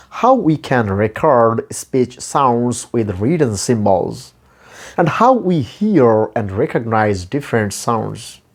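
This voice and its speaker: A man, a non-native speaker of English, giving a deliberate lecture on pronunciation and slowly listing terms one by one. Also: medium pitch. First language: Bengali. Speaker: English teacher.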